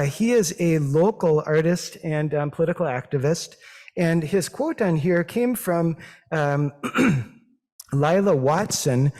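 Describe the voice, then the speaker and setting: A man with a Midwestern accent, a physician giving a thoughtful, modest talk with slides, pausing often with fillers. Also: a little high, a little mellow. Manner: thoughtful, hesitant, with many fillers; modest and self-deprecating. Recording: long reverb of a hall.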